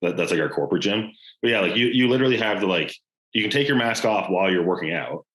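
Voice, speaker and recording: A young podcast co-host chats casually and loosely, laid-back and full of "like" and "yeah." His low voice is bright-ish with lively intonation and a fast delivery, captured on a low-quality recording.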